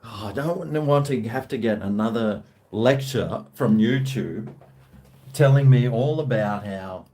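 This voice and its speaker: A man's voice: medium pitch, measured pace, dark tone, slight background noise. A man chatting casually to camera in a rambling, laid-back way with chuckling asides. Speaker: vlogger. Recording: echoey room.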